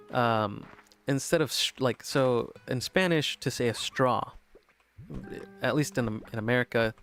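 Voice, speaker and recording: A man rambling in casual chat as he plays a video game, often restarting sentences and laughing. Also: mid-range voice. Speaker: gaming streamer.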